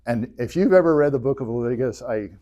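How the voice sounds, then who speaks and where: A man teaching an adult church class, retelling scripture in a casual, joking way with quick bursts of character voices. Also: mid-range voice, lively intonation, mellow. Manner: jokey retelling, voices biblical figures in bursts. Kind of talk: casual Bible history lecture.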